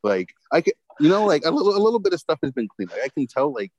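A man's voice: fairly high pitch, big pitch swings, fast talker, a little mellow, dull audio, a little hiss or hum. Swearing man telling a rambling story. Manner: rambling, heavy swearing, lots of fillers. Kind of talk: casual storytelling chat.

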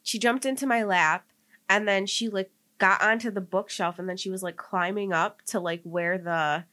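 A woman's voice: medium pitch, fairly even intonation, normal speed, bright, forceful tone. A young woman co-hosting a podcast, telling a personal story in casual chat, full of "like" fillers and getting tearful. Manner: heavy use of "like" as filler, emotional and tearful. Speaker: podcast co-host.

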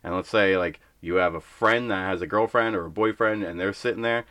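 A young man co-hosting a podcast vents bluntly about the people he deals with at work. His voice sits low but comes across bright and forceful. The sound is dry and close to the mic. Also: fairly quick, dry recording. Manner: blunt, ranting, acts out voices in stories. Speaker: podcast co-host. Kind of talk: casual podcast chat.

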